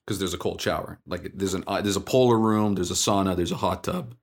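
A man co-hosting a podcast, telling a story in a casual, animated way. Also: deep voice, brisk. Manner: animated storyteller, acts out dialogue. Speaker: podcast co-host.

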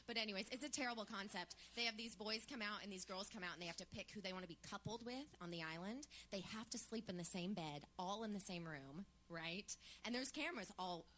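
A woman in her thirties co-hosting a live podcast on stage, chatty and animated. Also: medium pitch, fast talker, hardly any pauses, a little hiss or hum. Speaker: podcast co-host. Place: theater stage before a live audience.

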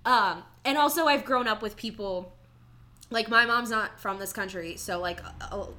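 A young woman co-hosting a casual chat, excitable and swearing freely, with lots of "like" in her speech. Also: mid-range voice, normal speed. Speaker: podcast co-host.

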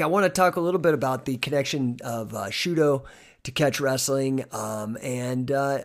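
A man hosts a casual podcast interview in a mid-pitched voice. He talks hesitantly, with many fillers, and grows upbeat when he introduces segments. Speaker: podcast host.

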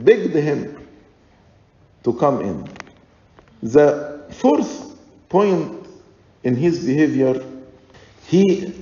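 A man preaching a sermon in slow, deliberate, emphatic points. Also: on the high side, dark tone. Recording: echoey church hall, dull lo-fi sound.

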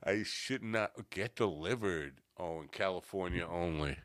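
Coming down from a cannabis edible, a man hosts a casual chat show in a low, animated voice that is pushed and bright. He talks very slowly, pausing often, rambling, self-mocking and easily distracted, recorded dry and clean in a studio.

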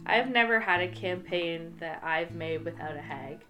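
An enthusiastic woman chatting on a podcast, eagerly rattling off lists with plenty of filler words. Guitar music plays clearly behind her voice. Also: fairly low pitch, normal speed. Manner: enthusiastic, lists things with many likes. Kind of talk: casual chat.

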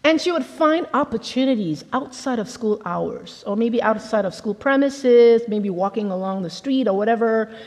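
A woman pastor with a fairly high voice gives a chatty, lively sermon, slipping into little acted-out voices as she tells her stories. Her words ring through a large hall with a long reverb trailing behind them. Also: moderate pace, hardly any pauses. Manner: conversational, animated, acts out quotes.

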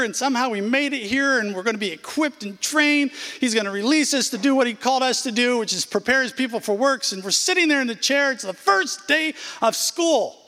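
A man's voice: very high-pitched, pushed and bright, big-room sound. A pastor in his sixties preaching a sermon in a church, emphatic, stacking repeated phrases and dropping in casual asides. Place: church sanctuary.

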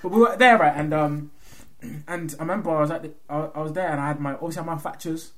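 A young man in casual chat, slangy and teasing, chiming in with quick remarks. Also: on the high side, a bit bright. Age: young adult. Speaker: podcast co-host.

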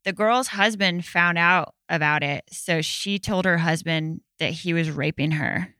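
A woman's voice: fairly low pitch, pushed and bright, dry recording. A woman talking frankly and profanely in a casual conversation. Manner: frank, profane, quick commentary.

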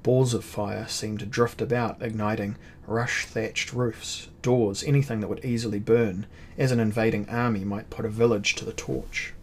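Low-voiced man, measured fantasy audiobook narration, slight hiss. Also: flat delivery, darkish tone. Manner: measured, dramatic storytelling.

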